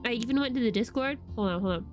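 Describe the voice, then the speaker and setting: A young woman streaming a video game, chatting casually and excitably and laughing often as she plays. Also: a little high, racing. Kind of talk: casual gameplay chat. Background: game music.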